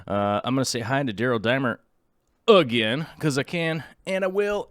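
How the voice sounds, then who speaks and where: A man hosting a casual livestream, reading out viewers' names and chatting in an excitable, loud way that swings from yelling to mumbling. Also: medium pitch, moderate pace, no room sound, clean studio sound. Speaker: livestream host.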